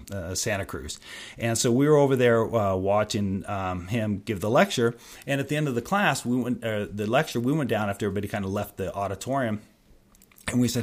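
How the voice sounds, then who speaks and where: A man in his fifties, a longtime Sunday school teacher, chatting on a church podcast in a halting, rambling way with many restarts. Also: fairly low pitch. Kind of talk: casual podcast chat.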